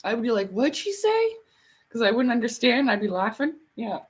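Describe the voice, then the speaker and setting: A woman's voice: a little high, very animated, moderate pace, breathy edge. A woman chatting casually on a livestream, rambling and laughing often. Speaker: livestream host.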